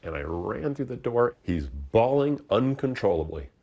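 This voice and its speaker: A man's voice: lowish voice, big pitch swings, normal speed, warm tone, dull audio. A father in an interview, recounting a family crisis in an earnest, emotional way.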